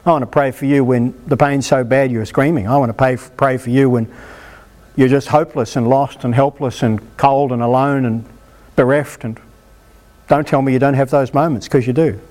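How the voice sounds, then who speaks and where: A man preaching a sermon at a healing meeting, emphatic and animated as he exhorts the congregation. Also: medium pitch, normal speed.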